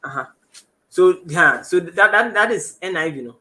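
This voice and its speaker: A man's voice: high voice, animated, pushed and bright. A man with a Ghanaian English accent teaching the Bible on television in a studio, reading verses aloud and often stopping to correct himself. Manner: halting, self-correcting, reads verses aloud.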